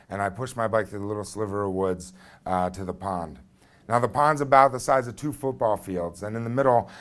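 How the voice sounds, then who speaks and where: A man in his thirties telling a personal story on stage into a microphone, conversational and blunt with frequent fillers. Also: on the low side. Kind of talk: live first-person storytelling.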